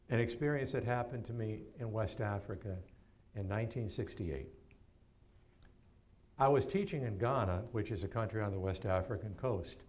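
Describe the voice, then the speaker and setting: A man in his seventies from New York, giving a keynote talk as a storyteller and telling stories with animated swings and laughter. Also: on the low side. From New York, USA. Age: 70s.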